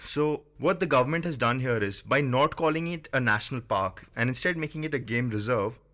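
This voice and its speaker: A man speaking as a studio guest on a radio talk. He explains at an even, mid pitch, thoughtfully and with a few hesitant fillers. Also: fairly quick.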